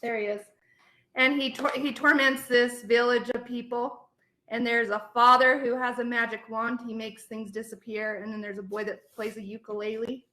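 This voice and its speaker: Bright-voiced teacher in an echoey room. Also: female voice, fairly high pitch, flat delivery, moderate pace. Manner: loose, chatty retelling. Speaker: preschool teacher. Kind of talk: casual sharing in a class discussion.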